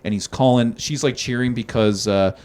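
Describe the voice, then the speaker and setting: A man's voice: medium pitch, steady tone, moderate pace, darkish tone. A man from South Jersey on a podcast, recounting a story in a chatty, profane, casual way.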